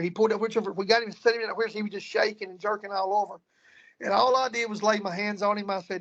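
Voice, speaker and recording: A man's voice: high-pitched, steady tone, fast, creaky, fairly bright tone, dull audio. A man telling ghost-hunting stories in casual talk, rambling and repeating himself as he goes. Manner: rambling, repeats words and restarts. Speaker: guest paranormal investigator. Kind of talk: casual storytelling.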